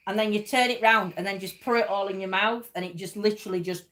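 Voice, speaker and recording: A woman's voice: medium pitch, fairly even intonation, fast talker, fairly bright tone. A woman hosting a livestream, chatting in a rambling way and laughing often. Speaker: livestream host. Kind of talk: casual chat.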